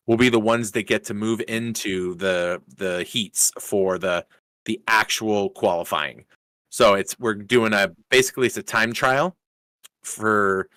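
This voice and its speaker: A lower-pitched man hosts a racing league stream in loose, upbeat chat. He rambles through fillers and restarts. The sound is dry and close, with no room echo. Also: a bit bright. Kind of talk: casual live-stream chat.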